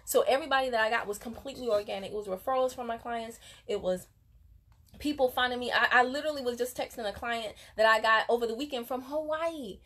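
Woman, upbeat higher voice, preachy motivational coach, phone vlog at home. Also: quick pace, fairly bright tone. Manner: emphatic, preachy, motivational, addresses viewers as y'all. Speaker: network marketing coach. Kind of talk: casual unboxing vlog with motivational talk. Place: room at home.

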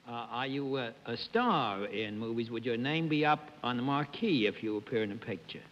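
A man on a television panel, asking questions in a halting way with many pauses. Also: medium pitch, animated. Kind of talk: quiz questioning on a TV panel show. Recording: dull 1950s TV broadcast, hall reverb, faint hiss.

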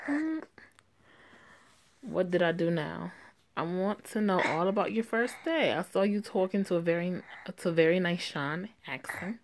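A fretful, caring young woman, voiced by a woman in a fan drama, who pries and worries. The voice sits on the low side and stays near the performer's own. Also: expressive, unhurried, a little hiss or hum. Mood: teasing.

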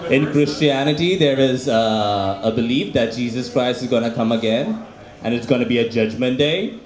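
A man's voice: mid-range voice, normal speed. A man performing a stand-up set at an open mic, repeating each punchline with crude humor. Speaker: stand-up comic. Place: small open mic venue. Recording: echoey room.

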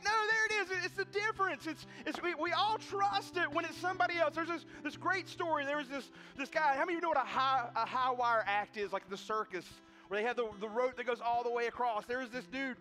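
A man preaching a sermon in a church, animated and full of repeated restarts, sometimes acting out the voices in his stories. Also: very high-pitched. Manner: animated, repetitive restarts, acts out quoted voices. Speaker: pastor. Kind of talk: sermon with storytelling. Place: church sanctuary.

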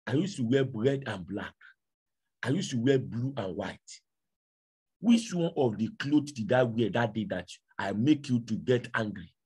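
A preacher voicing a gloating male devil in a sermon story, slow and drawn-out with a raspy voice. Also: mid-range voice, animated, warm tone, voice pushed down. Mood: taunting.

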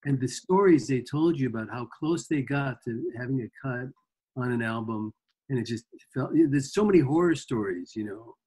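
A man's voice: medium pitch, lively intonation, moderate pace, a little mellow, slightly rough. A man guest on an interview, telling rambling anecdotes about his music career and acting out quotes. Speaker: guest guitarist. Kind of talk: casual storytelling interview.

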